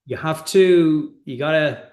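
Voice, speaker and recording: A man's voice: fairly high pitch, takes it slowly, darkish tone. A man, the guest in a casual interview, talking in long rambling runs with restarts and "right?" tags. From Ireland. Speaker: guest, whiskey company founder.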